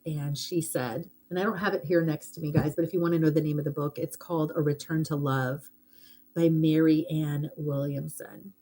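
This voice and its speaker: A woman's voice: deep voice, fairly even intonation, moderate pace, dark tone. A middle-aged woman hosting a live stream, chatting casually and heartfeltly, rambling a little and thanking viewers for gifts.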